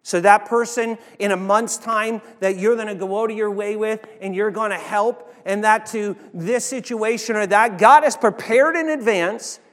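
A man delivers a sermon from the pulpit in a fairly high voice, and his words trail off into the long reverb of a church hall. He climbs to loud, emphatic peaks, then drops to hushed, low passages, restarting phrases as he goes. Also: normal speed, few pauses. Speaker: pastor.

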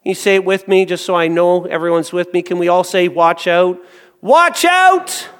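Preacher in a reverberant hall. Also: male voice, sits high, monotone, fairly quick, smooth. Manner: swings from hushed to loud exclamations. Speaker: pastor. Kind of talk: sermon.

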